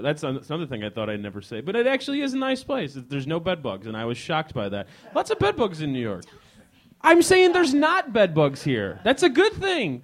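A lively stand-up comedian from Chicago, with a voice that sits high, rambles through a set for a small live audience. Leaning on a leather couch in a hostel lounge, he teases the crowd and keeps interrupting himself to restart.

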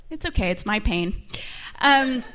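A young woman performing a bawdy, animated stand-up comedy set. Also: high voice, noisy background.

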